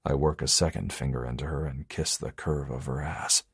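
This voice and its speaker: A man narrating a romance audiobook in the first person, with a low, intimate, measured delivery. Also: fairly even intonation, gravelly, fairly bright tone, husky, no echo, studio quality.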